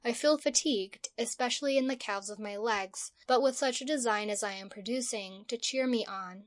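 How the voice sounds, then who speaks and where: A woman with a slightly high voice reading an old comic diary aloud as an audiobook. Her delivery is dramatic and mock-heroic, leaning into the grand lamentations. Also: a bit bright. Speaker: audiobook narrator. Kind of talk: scripted narration of a first-person diary.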